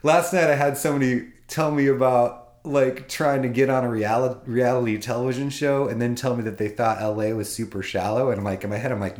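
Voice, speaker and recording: A man spins a comic story about his own misadventures in a loose, casual way, swearing freely and breaking into laughter as he goes. His voice sits at an ordinary middle pitch and carries the roomy echo of the space around him. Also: moderate pace. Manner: profane, animated, laughing between lines.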